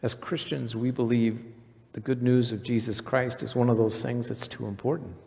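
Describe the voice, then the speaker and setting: A man's voice: mid-range voice, level tone, normal speed, gravelly, a little mellow. A male pastor giving a conversational sermon in a church, putting questions to the congregation. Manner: conversational preaching, quizzes the congregation. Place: church sanctuary. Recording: reverberant church hall.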